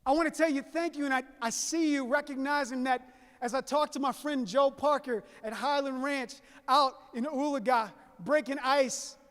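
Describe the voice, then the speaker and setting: Guy giving a keynote, real high voice, folksy storytelling, echo from a long hall. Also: moderate pace, a bit bright. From Southeast Louisiana. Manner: folksy, addresses audience as y'all. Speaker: keynote speaker. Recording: reverberant hall.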